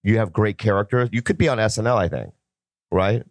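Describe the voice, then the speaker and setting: A man's voice: lowish voice, a little fast, no room sound. A man appearing as a guest comedian, talking in a blunt, rambling and provocative way in casual podcast banter.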